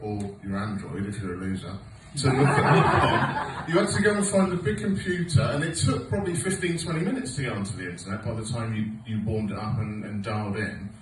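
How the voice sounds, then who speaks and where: A man's voice: lowish voice, lively intonation, fairly quick, hardly any pauses, recorded from a distance, heavy background noise. A man, performing a sweary, sarcastic stand-up comedy set. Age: 40s. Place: comedy club stage with audience laughter. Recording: roomy live club recording from afar.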